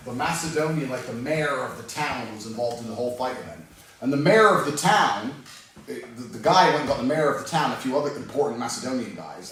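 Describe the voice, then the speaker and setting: Animated man telling a wild story. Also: on the high side, a little hiss or hum. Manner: animated, laughing, swearing freely. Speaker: storyteller on a podcast. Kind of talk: casual storytelling. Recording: echoey room from far off.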